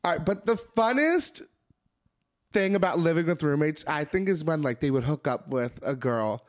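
A young man co-hosting a podcast, telling animated stories with acted-out quotes, laughing often and swearing casually. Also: fairly high pitch, normal speed. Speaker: podcast co-host. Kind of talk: casual chat.

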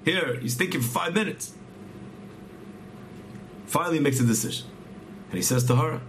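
A man's voice: medium pitch, lively intonation, fast talker, slight background noise. A man earnestly telling a religious story, often repeating words and restarting phrases as he goes. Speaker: storyteller teaching a religious tale.

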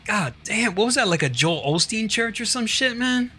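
A man's voice: sits high, lively intonation, normal speed, sharp tone, breathy edge, soft background music. A man co-hosting a podcast, easygoing and laughing often in loose, swearing chat. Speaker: podcast co-host. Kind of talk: casual profane chat.

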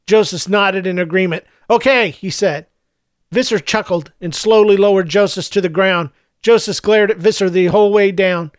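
A man narrating an audiobook in a steady storytelling manner. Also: high-pitched, moderate pace, no echo, clean studio sound. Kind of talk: scripted narration.

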